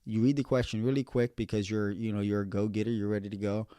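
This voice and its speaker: A man who works as an electrician, giving casual, earnest advice on passing an exam, slowing down to repeat key points. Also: on the low side, flat delivery, dark tone, smooth, no room sound, clean studio sound. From California.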